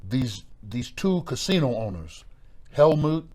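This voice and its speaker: A middle-aged former pro wrestler tells stories during a relaxed podcast interview, his medium-pitched voice moving a little slowly. He talks in a lively way, acting out voices and repeating words.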